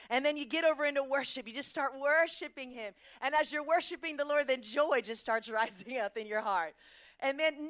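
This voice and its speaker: A middle-aged woman preaching a lively sermon, asking the congregation questions and quoting scripture. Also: high voice. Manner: animated, asks the congregation questions.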